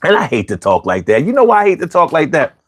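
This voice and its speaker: A man's voice: fairly high pitch, wildly swooping pitch, quick pace, fairly bright tone. A man hosting a casual talk show for viewers, speaking conversationally, asking rhetorical questions and repeating phrases for emphasis. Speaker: vlog host.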